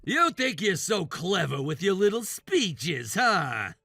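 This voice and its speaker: A man voicing a demanding, sexist jobless brother-in-law in his thirties for a text message story, yelling orders and insults. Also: high voice, sing-song, slow pace, vocal fry, no room sound, studio quality, soft background music, heavily acted. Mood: angry. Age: 30s.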